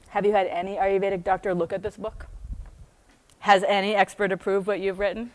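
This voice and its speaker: A woman from the United States reads from her own book to a small group, then drifts into casual asides. Her delivery is animated and she laughs often. She talks at an ordinary middle pitch. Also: a little fast. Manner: animated, laughs often, breaks off into chatty tangents. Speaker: book club host reading her own book aloud. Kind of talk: reading aloud with casual asides.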